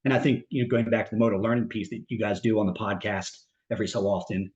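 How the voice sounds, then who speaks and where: A man's voice: lowish voice, fairly even intonation, fast, a little mellow, roomy sound, highs cut off. A man who is a mental performance coach, speaking reflectively on a podcast and telling a story with many fillers and restarts. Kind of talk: podcast discussion, long explanation.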